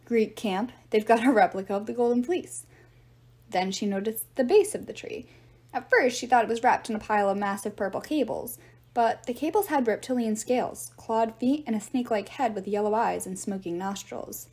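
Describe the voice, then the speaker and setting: Mellow woman reading a novel aloud. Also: a little high, a little fast. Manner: steady storytelling narration. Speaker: reader.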